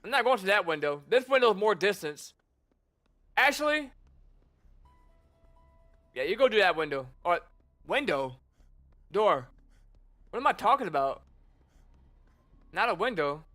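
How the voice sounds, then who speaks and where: A man's voice: high voice, big pitch swings, measured pace, pauses often, bright, forceful tone, soft background music. A man streaming a game, chatting casually and teasing the players he meets. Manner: chatty, teasing taunts at opponents. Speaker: gamer streamer. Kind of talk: casual gameplay commentary.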